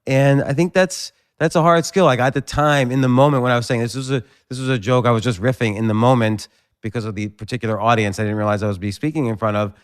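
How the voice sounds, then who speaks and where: Male interview host, smooth clear voice, thoughtful and halting. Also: mid-range voice, fairly even intonation. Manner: thoughtful, halting, restarts while reasoning aloud. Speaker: podcast host. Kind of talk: casual interview chat.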